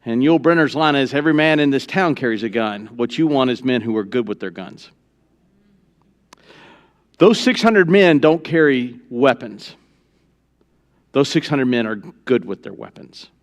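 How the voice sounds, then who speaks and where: A pastor preaching a sermon, joking with the congregation and swinging from low asides to loud, emphatic peaks. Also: male voice, animated, normal speed, pauses often. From Texas. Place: church sanctuary.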